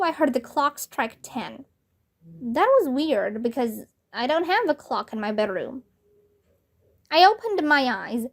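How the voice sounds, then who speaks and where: Woman reading a kids book out loud, high voice, slow and clear. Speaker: storybook reader. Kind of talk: children's book read-aloud.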